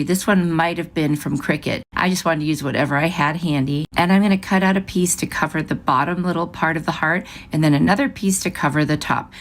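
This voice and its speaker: Low, gravelly woman narrating crafts. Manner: chatty, step-by-step, upbeat. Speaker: craft channel host. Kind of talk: casual craft tutorial narration.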